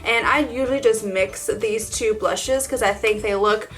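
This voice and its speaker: A woman's voice: mid-range voice, unhurried, faint music behind. A woman beauty vlogger chatting casually through a makeup tutorial, gushing and filling her talk with "like" and little laughs.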